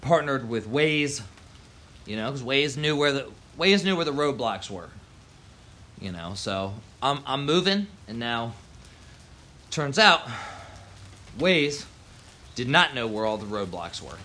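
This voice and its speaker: A man's voice: mid-range voice, sing-song, slow pace, long pauses, sharp tone. Angry swearing man ranting. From Baltimore, USA. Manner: heated, swearing, slangy. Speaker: local resident ranting. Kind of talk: angry profane rant.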